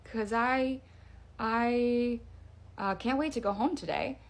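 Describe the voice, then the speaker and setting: A woman telling her own spooky story in a casual, chatty way, with fillers and hushed drops for suspense. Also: a little high, slow, creaky. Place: parents' backyard by a campfire.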